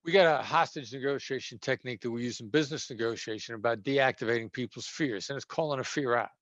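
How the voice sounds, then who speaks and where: A man being interviewed as a former hostage negotiator, talking conversationally and acting out tones of voice that move between gentle and sharp. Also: mid-range voice, quick pace, dry recording, lo-fi sound.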